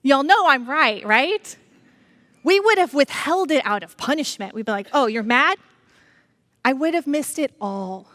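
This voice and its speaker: Middle-aged woman preacher, animated sermon storyteller, slightly high voice, dry close mic. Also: moderate pace, no room sound. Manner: animated storytelling, addresses congregation as y'all. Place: church.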